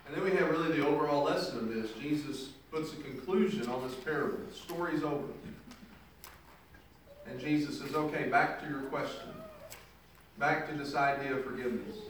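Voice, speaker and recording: A man's voice: mid-range voice, brisk, a little hiss or hum. A man preaching a sermon, reading scripture verses and then explaining them in his own words with emphasis. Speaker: pastor. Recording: echoey room picked up from a distance.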